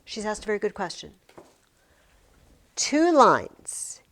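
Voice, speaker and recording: A woman teacher giving a classroom lesson, talking emphatically and often restarting her words. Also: medium pitch. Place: classroom with curtains on the walls. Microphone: recording device in the classroom.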